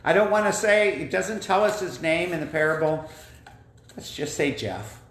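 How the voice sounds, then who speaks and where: A playful man hosts a children's Bible lesson, his voice high and full of swings. He is recorded on a phone in an echoey room. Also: expressive, moderate pace, fairly bright tone, slight background noise. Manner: playful, joking. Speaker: children's church host. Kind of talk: casual puppet Bible lesson. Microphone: phone camera.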